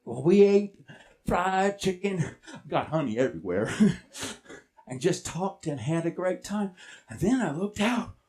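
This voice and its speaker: A playful man spinning a tall tale on stage, teasing his listeners as he goes. His pitch swings widely and animatedly, from low drawls to high bursts. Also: very animated, unhurried, pauses often, darkish tone. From Texas. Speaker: storyteller. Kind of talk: live storytelling performance. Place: stage before a live audience.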